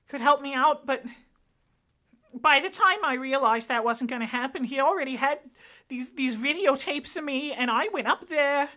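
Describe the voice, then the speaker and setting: A woman's voice: sits high, pushed and bright, voice pushed up, heavily acted. A woman voicing a frightened young woman who stammers and breaks off. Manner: stammering, halting.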